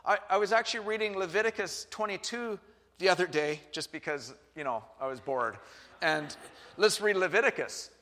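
High bright-voiced male pastor. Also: moderate pace. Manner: lively, conversational, joking asides. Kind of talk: sermon and live interview. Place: church sanctuary. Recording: reverberant hall.

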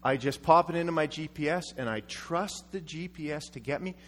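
A man's voice: a little high, a little fast, fairly bright tone, slight background noise. A man preaching a sermon, telling a story animatedly and acting out quotes. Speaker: pastor. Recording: echoey hall.

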